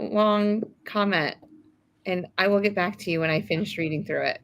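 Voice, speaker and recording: A woman's voice: medium pitch, moderate pace. A woman co-hosting a casual sewing livestream, chatty and encouraging, reading viewer comments aloud. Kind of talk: casual chat.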